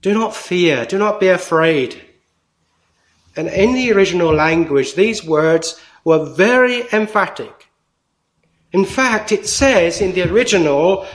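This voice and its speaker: A man preaching a sermon in a slow, deliberate way with emphatic pauses. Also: high-pitched, lively intonation.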